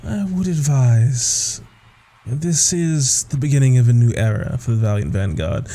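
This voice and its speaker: A man voicing a serpent-haired heroine who speaks with formal poise and measured pacing. The voice is low-middle and mellow, with little brightness. She sounds like a fantasy role-play character. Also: animated, close to an everyday voice. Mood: poised. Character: serpent-haired woman adventurer, regal and guarded.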